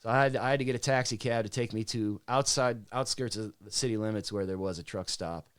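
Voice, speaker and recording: A man's voice: lowish voice, quick pace, clear, resonant tone, no echo. A man who writes and sings his own songs, a podcast guest telling a story in a laid-back, casual way and swearing freely. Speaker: guest singer-songwriter.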